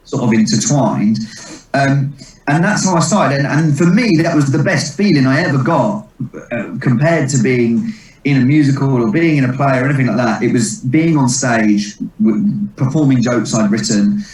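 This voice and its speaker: A man, a comedian telling rambling stories in a relaxed interview, quick to laugh. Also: mid-range voice. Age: 30s. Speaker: comedian and impressionist guest. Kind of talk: casual interview chat. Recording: echoey distant mic.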